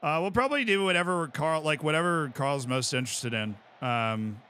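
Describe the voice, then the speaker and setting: A man in his twenties with an American accent, chatting casually on a live stream as he plays a game and reads out chat, bursting into excited yells. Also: on the high side, moderate pace, smooth. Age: 20s. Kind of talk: casual live-stream commentary while gaming.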